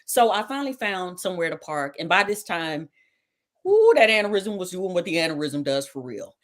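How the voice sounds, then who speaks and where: A woman hosting a talk show recounts her own ordeal as a personal testimony, with a somewhat low voice. She tells it dramatically and acts out the lines people said to her. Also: expressive, a little fast. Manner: dramatic retelling with quoted dialogue.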